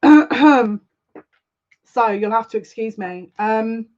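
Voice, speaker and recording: A woman's voice: fairly high pitch, very slow, darkish tone, dull audio. A woman giving a live collective card reading as a psychic, talking in a chatty, rambling and openly emotional way.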